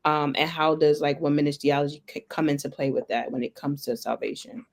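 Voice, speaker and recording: A woman hosting a book club interview, asking long, curious questions in a relaxed, friendly way. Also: deep voice, fairly quick.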